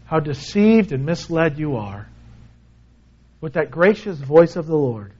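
A man with a high voice preaches a sermon in a casual, conversational way. He often sinks to a soft, hushed tone to stress a point. The recording sounds a little muffled. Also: sing-song, measured pace, breathy edge. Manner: conversational preaching, dropping to a soft low voice for emphasis. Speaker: pastor.

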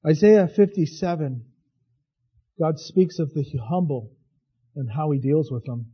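A man preaching a sermon as pastor, swinging from hushed to loud. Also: on the high side, animated, a little slow, husky, muffled recording.

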